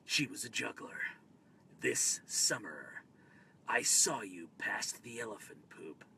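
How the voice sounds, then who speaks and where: A man putting on a dramatic movie trailer announcer voice, slow and low, to read out a comment. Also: big pitch swings, gravelly, bright, forceful tone, slight background noise, full character voice.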